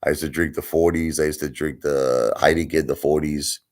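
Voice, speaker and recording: Very deep-voiced man telling a rambling story. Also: moderate pace. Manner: animated, profane, repeats himself for emphasis. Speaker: livestream host. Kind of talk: casual storytelling on a live stream.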